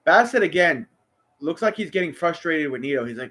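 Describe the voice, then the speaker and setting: A man's voice: on the high side, animated, brisk, a bit bright. A man calling a baseball game as a fan, talking to the players and bursting out on big plays. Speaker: fan doing his own play-by-play. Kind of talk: amateur live play-by-play commentary.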